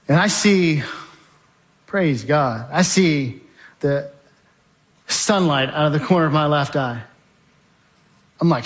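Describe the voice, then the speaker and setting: A man with a somewhat high voice recounts his story in a dramatic, storytelling way. He is vivid and emphatic and often turns to the audience. His delivery is lively and direct. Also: slow, pauses often. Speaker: speaker giving a testimony.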